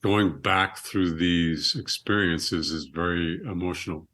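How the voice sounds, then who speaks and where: A man's voice: deep voice, slow, fairly bright tone. A middle-aged man, a surgeon and author, telling personal stories as a podcast guest in an earnest, reflective way with frequent restarts. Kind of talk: conversational storytelling.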